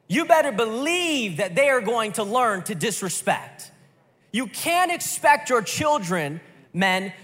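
A man preaching a sermon, telling a personal story in an animated way with quick restarts. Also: very high-pitched, long reverb tail. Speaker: pastor.

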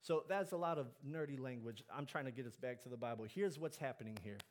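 A man preaching a sermon, climbing to loud emphatic peaks and dropping low and soft on key lines. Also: quick pace.

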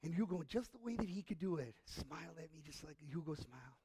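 A middle-aged male pastor preaching a sermon in a conversational way, asking the congregation questions and swinging from hushed to impassioned. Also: fairly high pitch, animated, fairly quick, a crowd in the background. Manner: conversational, asks the audience questions.

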